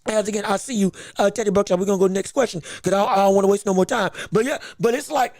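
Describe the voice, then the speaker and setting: A man hosting a live boxing podcast stream, talking excitedly, laughing, restarting his sentences and calling out greetings to viewers in chat. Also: sits high, racing, dry recording, clean studio sound. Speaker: podcast host.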